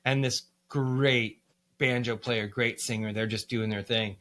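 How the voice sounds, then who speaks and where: Heard first is a candid, cursing man with an ordinary, middle-pitched voice. He is from the United States. He talks through his music career in a loose podcast chat, with lots of likes and ums. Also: fairly even intonation, measured pace, fairly bright tone. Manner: candid and profane, with many fillers. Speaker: band musician, guest. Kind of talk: casual podcast storytelling.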